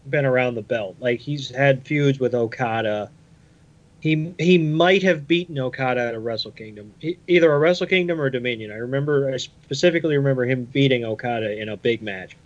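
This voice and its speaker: A man co-hosting a casual podcast chat, loosely recalling things with plenty of fillers. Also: medium pitch. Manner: rambling recollection with fillers. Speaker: podcast co-host. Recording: dull lo-fi audio.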